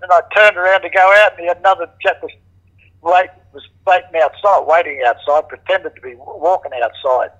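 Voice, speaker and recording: An older Australian man, a former criminal, tells stories in a casual interview, speaking bluntly, swearing freely and acting out the voices of people he quotes. His voice is high, a bit bright and a little fast, and the sound is lo-fi.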